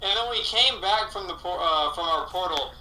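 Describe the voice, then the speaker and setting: A man's voice: sits high, moderate pace, sharp tone, a little hiss or hum, low-quality recording. A man playing a tabletop game, explaining in a rambling, stumbling way. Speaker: player. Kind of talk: casual tabletop chat.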